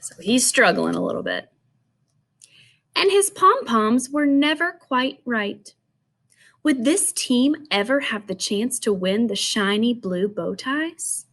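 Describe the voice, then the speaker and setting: Slow, lively woman reading a storybook. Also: a little high. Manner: gentle, asks children questions. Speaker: teacher. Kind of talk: reading a picture book aloud to children.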